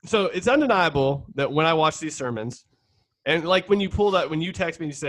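A man co-hosting a casual talk show, chatting in an animated way and laughing often. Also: a little high, fast talker, no room sound. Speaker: podcast co-host. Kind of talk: casual conversation about preaching.

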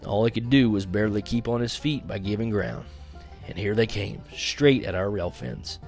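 A man reading a first-person frontier story aloud, lively and dramatic, slowing down at tense moments. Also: fairly low pitch, vocal fry, faint music behind. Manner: lively, dramatic, slows for action beats. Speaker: audiobook reader.

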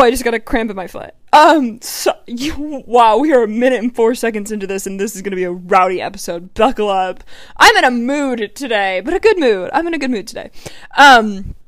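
A woman's voice: mid-range voice, a bit bright, no echo. A woman in her twenties hosting her own podcast, chatting casually in a bubbly way, full of fillers and "like"s, into a podcast microphone at home. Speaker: podcast host. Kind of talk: casual solo podcast chat.

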